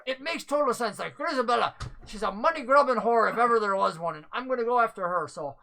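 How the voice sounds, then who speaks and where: A woman's voice: on the high side, lively intonation, quick pace, gravelly, bright, forceful tone, slight background noise, heavily acted. A woman voicing a flustered, honest human man in a tavern who stammers and apologizes. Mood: apologetic.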